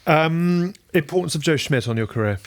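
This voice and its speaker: Brisk male host, dry sound. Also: on the high side, lively intonation, no echo. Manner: brisk quick-fire questioning. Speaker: podcast host. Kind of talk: interview questions.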